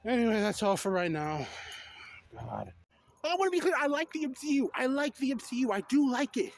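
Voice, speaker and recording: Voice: mid-range voice, big pitch swings, a little fast, no room sound. A young adult vlogger ranting off the cuff, exasperated and incredulous, firing off repeated questions and the odd swear word. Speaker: video creator. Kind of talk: unscripted rant to camera.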